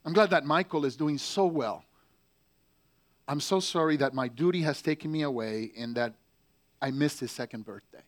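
A man reading aloud the letters of a Marine stationed overseas, slow and heavy with pauses. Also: fairly high pitch, natural voice. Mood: tender. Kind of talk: letter read aloud in character.

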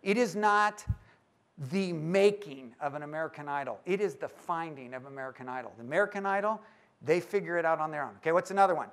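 A man with a notably high voice gives a live talk to a room of church leaders. He is lively and playful and keeps teasing his listeners as he goes. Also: quick pace. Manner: lively and joking, teases the audience. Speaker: speaker at a church leaders' conference.

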